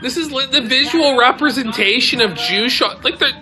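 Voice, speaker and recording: A woman giving excited, swearing commentary on a video in a casual talk show. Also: sits high, moderate pace, a crowd in the background. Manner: excitable, exclaiming, swears often.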